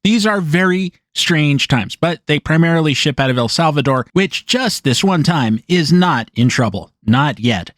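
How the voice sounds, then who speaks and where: A man's voice: on the high side, lively intonation, moderate pace, hardly any pauses, a bit bright, no echo. A man from the United States hosting a solo podcast monologue. He speaks in a conversational way and drops dry, sarcastic asides. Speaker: podcast host.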